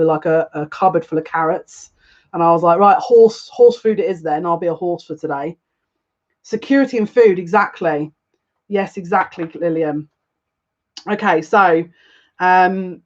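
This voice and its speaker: Chatty woman on dull lo-fi audio. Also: on the low side. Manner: chatty, laughs often, rambling asides. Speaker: psychic reader. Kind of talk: casual live-stream talk to viewers.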